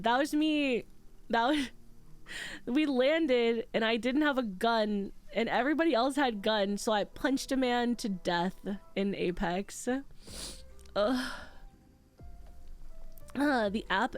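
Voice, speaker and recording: A woman's voice: fairly high pitch, takes it slowly. Stuffy-nosed woman streamer chatting casually. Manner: candid, swears freely, reads chat aloud. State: stuffy nose after crying. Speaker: streamer reading chat. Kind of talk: casual live-stream chat.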